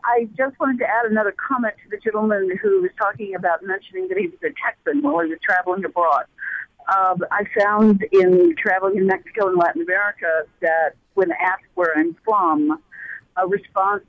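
A woman's voice: mid-range voice, sing-song, brisk, dry recording. A woman calling a radio show, articulate and chatty, heard over the phone. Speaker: caller. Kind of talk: radio call-in chat. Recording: phone-line sound.

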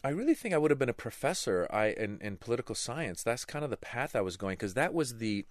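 A middle-aged man from Iran, a stand-up comedian telling lively anecdotes in an interview and acting out voices. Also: mid-range voice, fast, dry recording, studio quality. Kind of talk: animated storytelling interview.

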